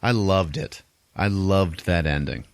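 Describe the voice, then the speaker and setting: A man's voice: low voice, a little slow, clear, resonant tone, no echo. A man co-hosting a podcast, casually recapping a movie plot with lots of swearing. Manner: animated retelling with crude swearing. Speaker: podcast co-host.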